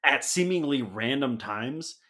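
A man co-hosting a podcast makes opinionated points in casual movie chat, leaning on "like" as he builds them. His medium-pitched voice is pushed and bright, with lively intonation and an unhurried pace.

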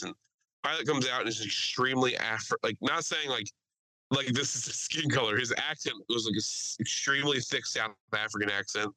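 Bright-voiced man telling a wild story. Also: mid-range voice, fairly quick, no echo, poor audio. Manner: animated, laughs often, profane, acts out quotes. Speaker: podcast co-host. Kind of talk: casual storytelling chat. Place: podcast studio.

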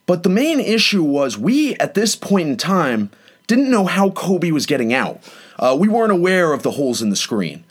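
A young adult man hosting a casual chat, retelling a neighbor dispute with animated, dramatic delivery. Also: moderate pace. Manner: animated, dramatic retelling with rising pitch on quotes. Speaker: host.

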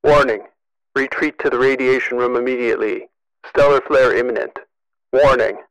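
A man voicing a spaceship's automated alarm, calling out loud, flat looping warnings. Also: medium pitch, normal speed, no room sound, close to an everyday voice, rough recording. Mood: urgent.

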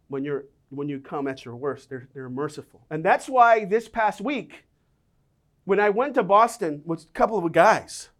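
A middle-aged man preaching a sermon, telling personal stories with lively, animated delivery and voicing the people in them. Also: high voice. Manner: animated storytelling, acts out quoted voices.

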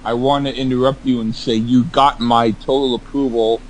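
Male co-host, casual chat, joking and halting, mid-pitched. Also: level tone, slight background noise, low-quality recording. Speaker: podcast co-host.

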